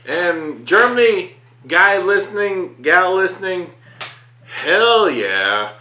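A man hosting a horror podcast in casual chat, excitable, profane and jokey. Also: high-pitched, slow pace. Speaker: podcast host. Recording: roomy echo with faint noise.

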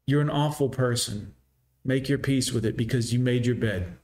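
A man's voice: mid-range voice, moderate pace, a little mellow. A man giving sarcastic, scornful reaction commentary, lecturing his listeners.

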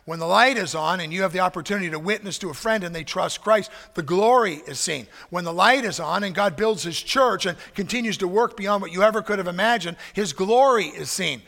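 A man preaching a sermon with a bright, gravelly, somewhat high voice. He talks in a conversational, story-telling way to a congregation, and long reverb from a large hall trails behind him. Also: brisk, few pauses. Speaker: pastor.

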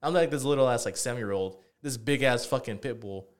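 A man's voice: mid-range voice, fairly quick, clean tone. Casual swearing storyteller man. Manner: rambling, heavy swearing, many fillers. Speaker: podcast co-host.

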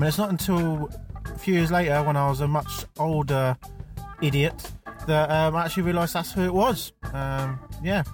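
Contributor: laid-back man, high voice, rambling solo segment over clear music. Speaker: podcast contributor. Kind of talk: pre-recorded monologue.

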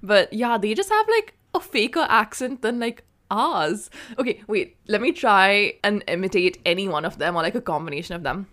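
A woman with an Indian accent co-hosting a podcast, animated, blunt and quick to laugh. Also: medium pitch. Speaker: podcast co-host. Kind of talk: casual chat.

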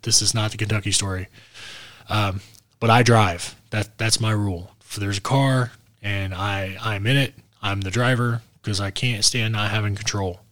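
A man's voice: fairly low pitch, no echo. A man, a wrestler co-hosting a podcast, telling a road story in casual chat, swearing freely and acting out everyone's dialogue.

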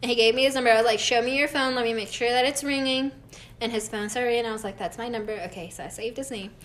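A woman's voice: a little high, steady tone, fast talker, a bit bright. A woman telling a story in casual chat, acting out quotes and laughing often.

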